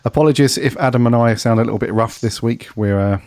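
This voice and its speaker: A man co-hosting a casual fan podcast, croaky from a head cold and chatty, calling his co-host "mate". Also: mid-range voice, fast talker, darkish tone, no room sound, clean studio sound. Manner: chatty, says "mate" a lot. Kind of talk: casual chat.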